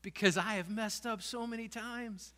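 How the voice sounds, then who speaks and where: A man's voice: high-pitched, steady tone, moderate pace, pushed and bright, in a large hall. A man, a pastor, preaching a sermon with passion and emphatic peaks, in a church sanctuary.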